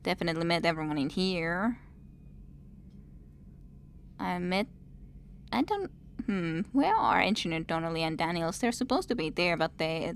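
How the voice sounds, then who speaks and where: Chatty woman streamer, lowish voice. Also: slight background noise. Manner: chatty, reads game text aloud. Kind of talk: casual gameplay commentary.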